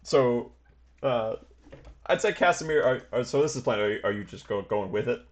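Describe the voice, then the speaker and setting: A man's voice: mid-range voice, animated, moderate pace, lo-fi sound. Rambling game master, man. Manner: rambling, full of hedges and fillers. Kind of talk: narrating a tabletop game.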